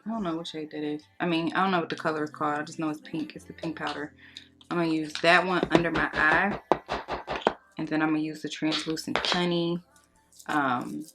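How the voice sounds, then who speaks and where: Over some background noise, a young beauty vlogger with a low, gravelly voice gossips casually as she applies her makeup. Her storytime during the tutorial is chatty, slangy, and expressive.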